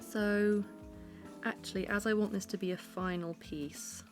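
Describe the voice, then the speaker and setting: A woman's voice: mid-range voice, steady tone, unhurried, music in the background. A young British woman chatting casually at home while she sketches, rambling and self-deprecating. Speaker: art vlogger. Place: her living room at home.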